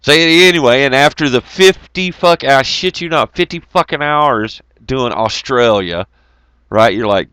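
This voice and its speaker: Laughing and cursing as he goes, a man spins stories in a loose, animated monologue. He has a smooth, medium-pitched voice and speaks a little slowly. The audio is dry.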